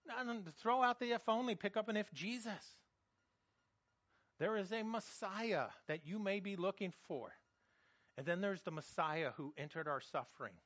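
Earnest high-voiced male preacher. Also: moderate pace, a bit bright, dry recording, dull audio. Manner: earnest, repeats words, rising to emphatic questions. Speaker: pastor. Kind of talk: sermon.

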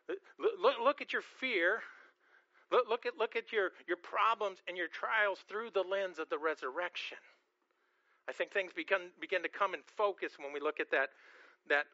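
A man with a high, bright voice preaches an earnest sermon, often stumbling over and repeating the first word of a phrase. He asks his listeners questions as he goes. The sound is dry and a little dull. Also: no echo. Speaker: pastor.

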